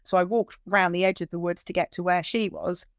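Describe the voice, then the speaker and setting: A woman's voice: lowish voice, fairly quick, no room sound, clean studio sound. A woman telling the emotional story of searching for her lost dog, acting out the dialogue as she goes. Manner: animated retelling with quoted dialogue, voice lifting when moved.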